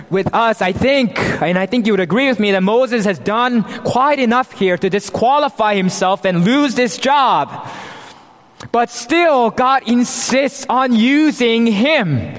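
Male pastor preaching, high voice, earnest and emphatic, big echoey hall. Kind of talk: sermon. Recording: long hall reverb.

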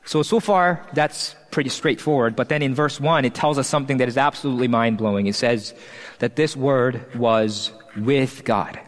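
Man preaching a sermon in a reverberant hall. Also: medium pitch. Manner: earnest preaching with emphatic pauses and restarts. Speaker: pastor. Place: church hall.

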